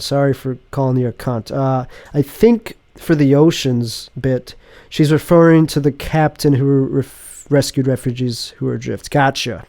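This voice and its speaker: A man's voice: medium pitch, gravelly, a little mellow, no echo. A sniffly, sick man hosts a podcast monologue from his home apartment, reading a script aloud. He rambles and interrupts himself with a dry, sardonic edge. The recording is dry and close. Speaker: podcast host.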